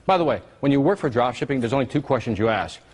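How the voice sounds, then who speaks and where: A man with a medium-pitched voice speaks fast at a live marketing seminar. He is animated and teasing, drawing call-and-response from the audience.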